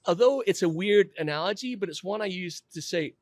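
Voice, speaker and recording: A man in his fifties, a podcast guest, telling a personal story in an earnest, animated way. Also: high voice, fairly quick, no echo, studio quality.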